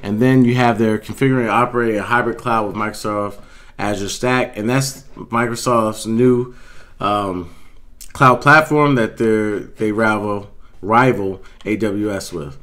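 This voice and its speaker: A man's voice: lowish voice, steady tone, measured pace, fairly bright tone. A man, an IT instructor, giving a casual walkthrough of certifications in a conversational way, with frequent fillers and self-corrections.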